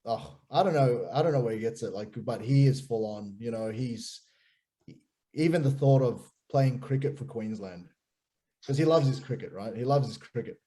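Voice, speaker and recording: A man in his thirties with an Australian accent, a pastor guest chatting casually and telling animated stories with many restarts. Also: mid-range voice, moderate pace. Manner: animated storyteller, repeats and restarts words. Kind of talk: casual chat.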